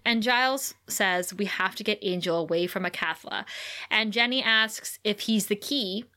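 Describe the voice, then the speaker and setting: A woman co-hosting a casual podcast, recapping a TV episode in lively, laugh-filled chat and swearing casually. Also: mid-range voice, normal speed. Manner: animated, laughs often, acts out quotes.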